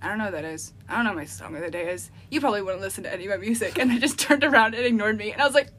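A woman's voice: medium pitch, rapid-fire, fairly bright tone, a little hiss or hum. A young woman in college telling stories in a casual chat, laughing and teasing as she goes. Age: young adult. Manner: laughing storyteller who teases and chimes in. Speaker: co-host.

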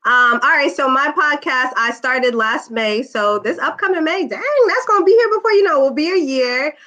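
A woman guest talking about her podcast in a relaxed, slang-heavy way. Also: sits high, normal speed. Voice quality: laid-back slangy talker. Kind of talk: casual interview chat. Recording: dull lo-fi remote audio.

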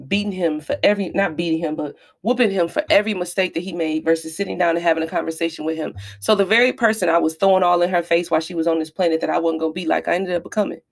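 A woman's voice: on the low side, gravelly. A woman in her thirties hosting a podcast, telling her own story in a candid, emphatic, confessional way and talking straight to her listeners. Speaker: podcast host. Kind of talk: candid personal storytelling monologue.

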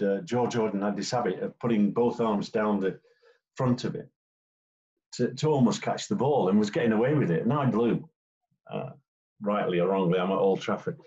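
A man's voice: lowish voice, dark tone. Older man telling referee stories, lo-fi. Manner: chatty storyteller, acts out quoted players. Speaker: former football referee. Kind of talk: interview anecdotes. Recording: dull lo-fi recording.

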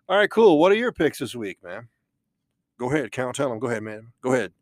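A man's voice: mid-range voice, big pitch swings, a little fast, no room sound, studio quality. A man hosting a comedic sports betting show, teasing his guests. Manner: playful, teasing announcer. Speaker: host.

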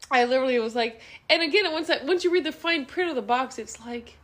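A woman's voice: high voice, expressive, quick pace, few pauses, fairly bright tone. A young woman co-hosting a podcast, telling a rambling, self-mocking story in casual chat and laughing often. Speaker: podcast co-host.

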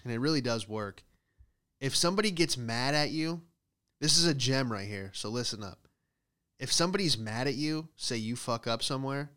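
A young man telling rambling, profane comic stories in a solo monologue, with animated asides. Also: medium pitch, clear, resonant tone. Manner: profane, animated storytelling with loud acted outbursts.

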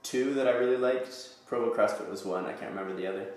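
A young man from Texas, a guest chatting casually with relaxed fillers. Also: mid-range voice, fast talker, slight background noise. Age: young adult. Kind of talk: casual interview chat. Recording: roomy echo, off-mic.

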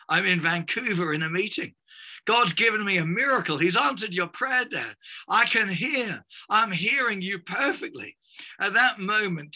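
A man's voice: on the high side, pushed and bright. A man preaching a sermon, telling a story and acting out the voices in it, then closing in prayer. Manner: storytelling, acts out quoted voices, ends in prayer.

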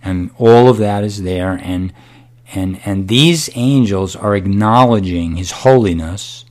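A middle-aged man preaching a sermon, unhurried and emphatic, dropping to a whisper at times. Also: fairly low pitch, a little mellow.

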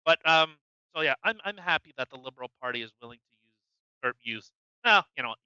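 A man's voice: medium pitch, expressive, fast talker, bright, forceful tone, clean tone, dry recording, lo-fi sound. A man co-hosting a podcast, ranting in a heated, profane way with many stammered restarts. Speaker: podcast co-host. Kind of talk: casual political rant.

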